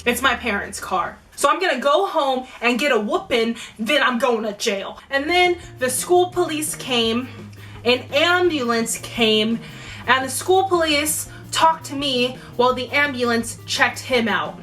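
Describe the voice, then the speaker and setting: A young woman vlogger telling a personal story in a lively, slangy way. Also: high-pitched, unhurried, far from the mic. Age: young adult. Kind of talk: storytime vlog. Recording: voice a bit off-mic with faint music.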